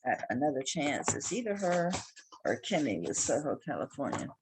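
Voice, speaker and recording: Chatty low-voiced Southern woman. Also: very animated, background noise. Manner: chatty, impatient, quick to laugh at herself. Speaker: online jewelry seller. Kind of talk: casual selling vlog. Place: at home.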